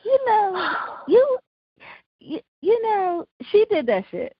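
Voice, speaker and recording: A woman co-hosting a casual podcast, giving relaxed opinions with lots of "like" and "you know". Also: extremely high pitch, no echo, highs cut off. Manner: relaxed, drawn-out opinions with many fillers. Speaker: podcast co-host. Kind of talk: casual chat.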